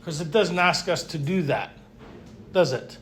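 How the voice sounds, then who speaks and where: A man's voice: a little high, measured pace. A man speaking to a retreat group, telling blunt, joking stories and peppering them with rhetorical questions. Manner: lively storytelling, frequent rhetorical "right?"; blunt, joking tough-guy humor. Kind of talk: recovery talk to a live group. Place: retreat meeting room.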